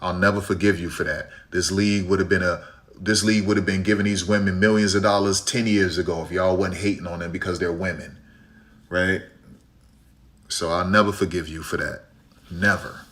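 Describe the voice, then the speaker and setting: A man's voice: low voice, steady tone, normal speed, pauses often, fairly bright tone. A man from Chicago streaming a basketball game, ranting bluntly with strong opinions and a habit of tagging "right?". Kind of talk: live game-watch commentary and rant.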